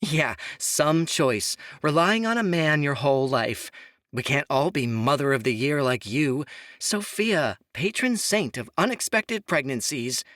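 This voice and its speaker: A man voicing an angry, grieving young woman in shrill, tearful outbursts. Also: measured pace, fairly bright tone, no echo, studio quality. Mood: furious.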